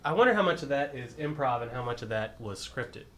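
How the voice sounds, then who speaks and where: A man's voice: medium pitch, expressive, fast, fairly bright tone. A man on a casual movie podcast, talking eagerly and with emphasis. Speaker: podcast co-host. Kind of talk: casual chat.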